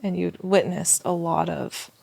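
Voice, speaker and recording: A woman's voice: fairly low pitch, a little slow, creaky, darkish tone, no echo. A woman co-hosting a podcast, affirming and conversational, with frequent "mm-hmm". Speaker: podcast co-host. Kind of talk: casual interview talk.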